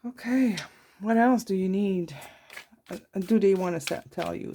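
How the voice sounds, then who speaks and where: A woman giving a tarot reading, talking softly and slowly as she reads out card messages to her viewers. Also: mid-range voice, a little hiss or hum. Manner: soft, warm-hearted, reads card messages aloud. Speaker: tarot reader. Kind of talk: slow, intimate tarot reading.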